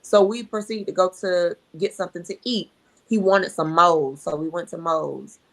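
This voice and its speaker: A middle-aged woman telling a personal testimony in an animated way, acting out dialogue and repeating herself. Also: on the low side, normal speed. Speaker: speaker sharing a testimony.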